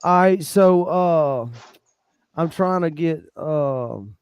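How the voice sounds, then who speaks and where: A man hosting a casual livestream chat, laid-back and halting, with lots of fillers. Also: a little high, clean tone, dry recording, highs cut off. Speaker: stream host. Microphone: remote stream call.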